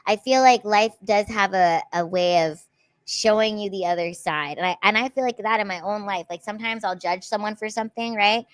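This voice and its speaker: A woman's voice: medium pitch, fairly quick, clean tone, no echo. A woman, a comedian friend on a podcast, speaking earnestly and supportively, often restarting her sentences. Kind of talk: casual podcast conversation.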